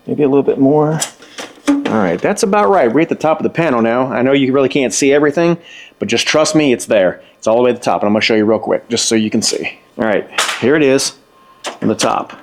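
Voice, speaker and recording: A man's voice: mid-range voice, background noise. A man explaining electrical wiring step by step in a casual hands-on tutorial, folksy and repeating himself for emphasis.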